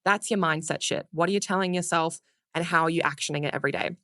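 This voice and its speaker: An Australian woman, a public speaking coach, giving energetic, playful advice in a podcast interview and casually swearing now and then. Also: low voice, fast talker, no room sound.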